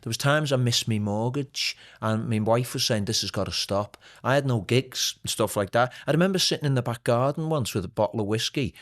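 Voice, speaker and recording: Liverpool man telling animated stories. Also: medium pitch, fairly quick. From Liverpool, England. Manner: animated anecdotes with put-on voices and laughs. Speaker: podcast guest, swing singer. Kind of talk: casual storytelling chat.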